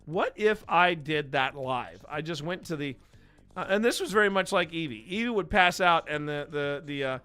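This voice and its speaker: A man's voice: a little high, animated, moderate pace, sharp tone, clear, resonant tone. A man hosting a live stream in a casual, rambling, playful way, chatting to his viewers and to his cats. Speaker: host.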